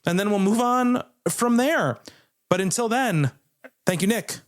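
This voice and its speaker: A man's voice: high-pitched, animated, unhurried. A man co-hosting a casual film podcast, talking loosely with fillers and restarts. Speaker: podcast co-host.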